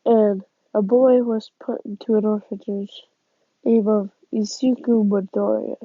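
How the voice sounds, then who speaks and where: A woman casually narrating a fan story, halting, with sighs and restarts. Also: medium pitch, fairly even intonation, dry recording. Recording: dull lo-fi sound.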